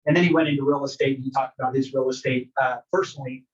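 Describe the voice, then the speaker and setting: A man's voice: medium pitch, fairly even intonation, racing. A man teaching a workshop to a live group, coaching in a conversational way and asking the group questions. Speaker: real estate trainer. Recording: distant, dull room recording.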